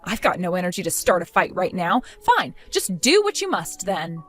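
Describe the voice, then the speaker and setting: A woman voicing a fed-up young wife who answers her mother-in-law with mocking sarcasm, in an animated story drama. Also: fairly low pitch, moderate pace, faint music behind. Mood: indignant.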